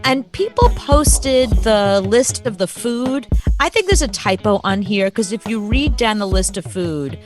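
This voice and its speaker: A woman co-hosting a radio show, telling a story in an animated, chatty way and laughing easily. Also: mid-range voice, unhurried, few pauses, over music. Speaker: radio co-host. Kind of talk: casual radio chat.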